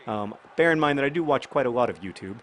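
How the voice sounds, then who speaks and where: A man's voice: medium pitch, fast, a little hiss or hum. Rambling, jokey man commenting on a game. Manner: rambling, jokey, bursts of excited shouting. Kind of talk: casual gaming commentary.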